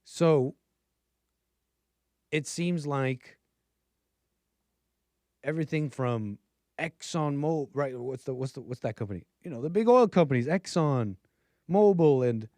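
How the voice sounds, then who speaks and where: A man hosting a political commentary livestream, rambling casually with fillers, restarts and quick chuckling asides. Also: fairly high pitch, lively intonation, warm tone, no room sound, clean studio sound.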